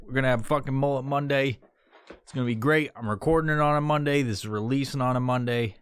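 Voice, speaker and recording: A man's voice: medium pitch, fast talker, clean tone, no room sound. A man from New York hosting his own podcast alone in a studio. He talks in a put-on tough-guy tone and swears constantly. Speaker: podcast host. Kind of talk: solo podcast monologue.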